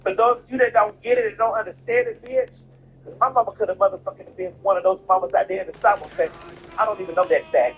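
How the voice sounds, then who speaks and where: A man's voice: high-pitched, lively intonation, quick pace, slightly rough, muffled recording, faint music behind. A tipsy man telling a personal story in a casual way, emphatic, repetitive and profane.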